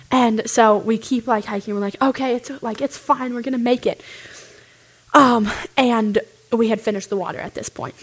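A young woman casually telling a story, animated and full of "like" fillers. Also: medium pitch, rough recording.

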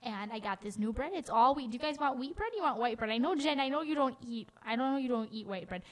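A woman's voice: on the high side, animated, fast talker, lightly acted. A woman voicing a fussy elderly grandmother who lists her food in long doting runs. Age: older.

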